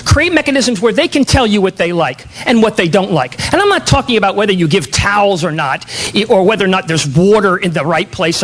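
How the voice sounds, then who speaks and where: A man with a rather high voice delivers a motivational keynote to a conference audience. He speaks emphatically and asks many rhetorical questions. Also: a bit bright, rough recording. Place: conference hall.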